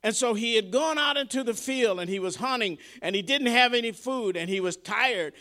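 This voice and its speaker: A man delivers a sermon in a high, lifted voice. He talks like he is chatting with the congregation, repeats himself as he gathers his thoughts, and swings from hushed asides up to shouted climaxes. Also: normal speed. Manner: preaching with sharp swings between soft asides and shouted climaxes; conversational, repeats words and restarts. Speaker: preacher.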